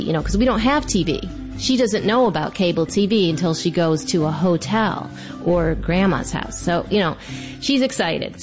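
Animated woman telling a funny story. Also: mid-range voice. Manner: animated, self-mocking, breathless asides. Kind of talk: comic personal storytelling.

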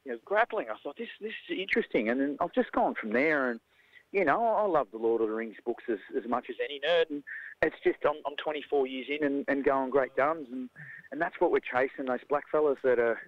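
An Australian man who coaches jiu-jitsu, talking in a lively, casual way and acting out the voices of people in his stories. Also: mid-range voice, a little fast, no echo, narrow, tinny audio. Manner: animated storyteller, acts out quoted voices. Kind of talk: casual conversation.

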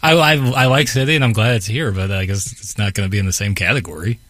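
A man's voice: on the low side, fast talker, fairly bright tone, no room sound. A man, the show's producer, speaking bluntly and with animation on a sports talk radio show.

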